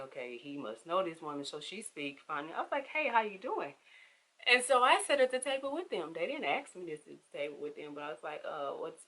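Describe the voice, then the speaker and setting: A young woman, telling a casual storytime vlog with animated, emphatic delivery and acted-out quotes. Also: deep voice, rough recording.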